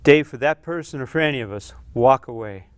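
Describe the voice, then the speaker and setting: A man's voice: mid-range voice, a little fast, clean tone, no room sound. A man appearing as a guest on a TV talk show, talking earnestly and telling a story with acted-out dialogue. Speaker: psychologist guest. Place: TV studio.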